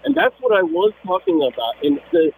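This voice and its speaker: A man's voice: sits high, huge pitch swings, a little fast, vocal fry, darkish tone, a little hiss or hum. A man calling in to a radio talk show, arguing with passion and often repeating his words. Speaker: caller. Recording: tinny dry phone line.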